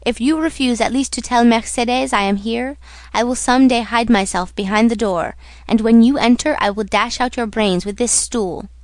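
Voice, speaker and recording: A woman's voice: on the high side, steady tone, moderate pace, no echo, natural voice. A woman voicing a defiant, desperate young male prisoner in an audiobook reading, insistent and pleading. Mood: threatening. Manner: insistent, pleading then threatening.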